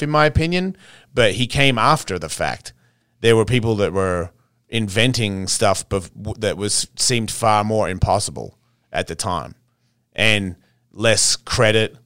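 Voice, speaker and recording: A blunt, loose-talking Australian man chatting as a podcast guest, cursing freely and laughing along the way. His voice is smooth and resonant, recorded close and dry with no room sound around it. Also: medium pitch, a bit bright, no echo. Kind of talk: casual interview chat.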